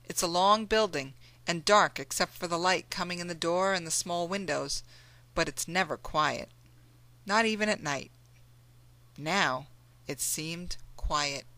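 Slow measured woman narrator. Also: fairly low pitch, bright, forceful tone, no echo. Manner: measured, storytelling. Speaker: audiobook narrator. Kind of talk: scripted narration.

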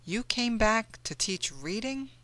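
A reader voicing a stern older woman on a plantation who scolds loudly and urgently. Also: a little high, animated, slow pace, no echo, pitched above the performer's own voice. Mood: questioning. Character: stern older enslaved woman, fierce protector.

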